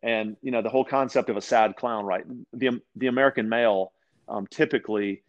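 A man from Louisiana, chatting casually as a guest and telling animated stories, often restarting his sentences and acting out quoted voices. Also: fairly low pitch, brisk, dull audio. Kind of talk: casual storytelling chat.

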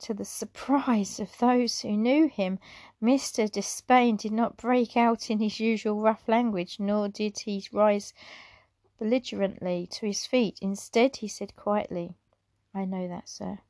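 A woman reads an old memoir aloud at an even, middling pitch, now and then tripping over a word and going back. The sound is dry and close, with no room around it. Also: measured pace, no echo. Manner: stumbles over words and apologizes, reading on; unscripted asides with soft laughs. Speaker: reader.

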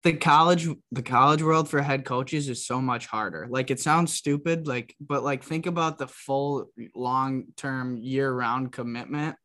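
A man's voice: mid-range voice, measured pace, few pauses, pushed and bright. A man hosting a sports podcast in casual chat, talking loosely with many fillers. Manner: loose, filler-heavy, says "like" a lot. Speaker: podcast host.

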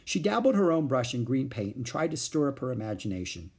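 A man's voice: mid-range voice, fairly quick, husky. A man reading a children's book aloud, narrating expressively. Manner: expressive, animated voices. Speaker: storyteller.

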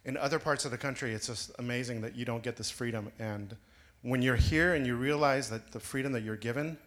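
A man's voice: mid-range voice, brisk, fairly bright tone. A man in a church sanctuary giving a personal testimony, hesitant and searching for words.

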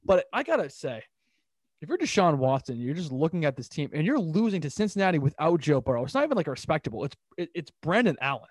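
A young man hosts a casual sports talk show, speeding through scores with quick, lively swings in his voice. His pitch sits a little high for a man. The sound is dry and close. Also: no room sound. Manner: animated, rambling, quick recaps of scores. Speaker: podcast host.

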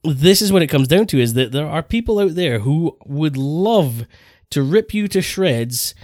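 A man co-hosting a casual podcast, telling stories in a rambling, animated way. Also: on the high side, measured pace, no room sound, studio quality. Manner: rambling, animated storytelling with self-corrections. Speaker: podcast co-host.

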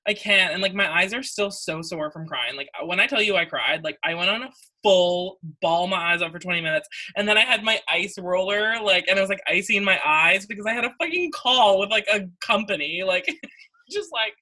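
A woman's voice: medium pitch, a little fast, bright, forceful tone, poor audio. A young Canadian woman co-hosting a podcast, chatting casually, laughing often and filling her talk with "like". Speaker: podcast co-host. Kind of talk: casual chat.

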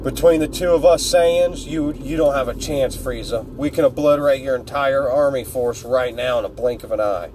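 Rival part: a man playing a proud, arrogant warrior prince, gruff and lowered, car noise in the background. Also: moderate pace, few pauses, natural voice. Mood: boastful. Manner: boastful, taunting.

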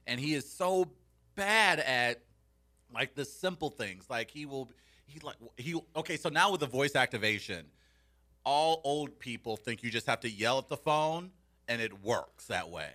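Male co-host, bright voice, laughs a lot, animated storyteller. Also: mid-range voice, normal speed. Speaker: radio show co-host. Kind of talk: casual banter.

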